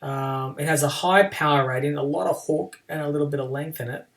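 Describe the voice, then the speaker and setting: A man's voice: on the high side, a little fast, vocal fry, fairly bright tone, distant mic. A man streaming a game live and chatting casually about his play, with playful trash talk toward his opponent.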